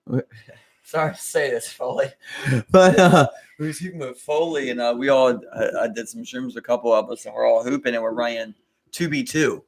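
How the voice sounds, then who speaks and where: Animated storytelling man with Baltimore accent. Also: mid-range voice, normal speed. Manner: animated storyteller, acts out friends' lines, laughs often. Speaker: podcast co-host. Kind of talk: casual storytelling chat.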